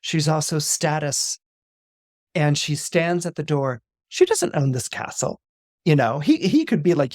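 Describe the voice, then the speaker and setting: A man, an astrologer guest on a podcast, telling a story in a lively, chatty way with many fillers and restarts. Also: a little high, a little slow, no echo, studio quality.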